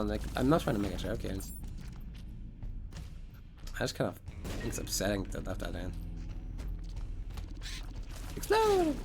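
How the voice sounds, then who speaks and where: A streamer chatting loosely over gameplay in a rambling, joking way and swearing freely. The pitch rises and falls a lot from line to line. Faint game music sits quietly underneath. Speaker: Twitch streamer. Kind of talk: casual live gameplay commentary.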